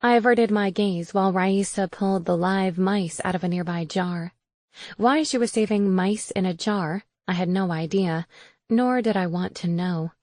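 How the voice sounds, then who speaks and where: A woman reading a first-person cozy mystery aloud in an even, wry tone. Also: medium pitch, normal speed, no room sound, clean studio sound. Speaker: audiobook narrator. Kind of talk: first-person audiobook narration.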